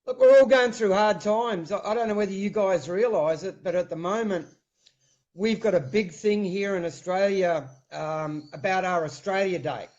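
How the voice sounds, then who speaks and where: High-voiced Kiwi man on a dull call. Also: moderate pace, darkish tone. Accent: New Zealand. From New Zealand. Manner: earnest, says mate often. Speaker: livestream guest. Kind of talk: casual call-in chat. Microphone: video call. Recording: dull lo-fi video call audio.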